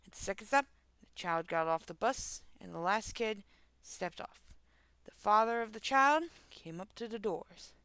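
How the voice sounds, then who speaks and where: A woman's voice: medium pitch, lively intonation, normal speed, a bit bright, smooth, no echo. A young woman streamer from the northern United States, reading online stories aloud and adding casual, swear-laden commentary. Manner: casual, swears and laughs in asides.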